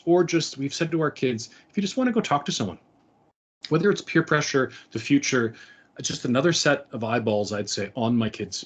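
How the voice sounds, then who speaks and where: A middle-aged man giving an earnest, conversational talk to parents, with frequent fillers and restarts. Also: medium pitch. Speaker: speaker.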